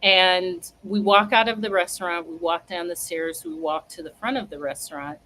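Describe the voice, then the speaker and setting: A young woman telling a funny story in a casual, animated way, laughing and acting out what people said. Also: on the low side, moderate pace, hardly any pauses, low-quality recording. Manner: animated, laughing, acts out quotes.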